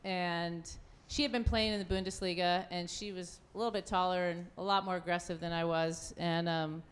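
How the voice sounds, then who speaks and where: A woman in her fifties, a former goalkeeper, telling a lively story on a live panel, laughing often and acting out quotes. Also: fairly low pitch, moderate pace. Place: event venue.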